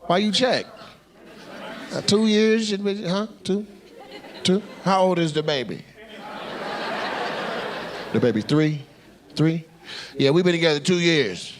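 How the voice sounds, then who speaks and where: A stand-up comedian speaks slowly with long pauses in a slightly high voice as he does crowd work, teasing audience members brashly and profanely into a handheld mic. The club recording is live and noisy.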